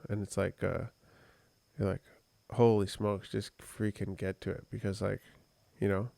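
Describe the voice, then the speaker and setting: A man's voice: fairly low pitch, flat delivery, unhurried, vocal fry, warm tone, dry recording. A man co-hosting a podcast, telling a personal story in a rambling, conversational way with many fillers. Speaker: podcast co-host. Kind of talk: casual podcast chat.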